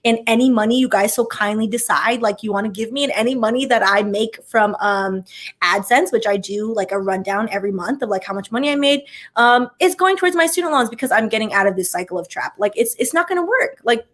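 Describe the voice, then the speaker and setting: Chatty, animated woman in her thirties. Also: a little high. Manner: chatty, animated, quick tangents, many filler likes. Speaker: channel host, former attorney. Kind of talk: casual chat, reacting to viewer comments.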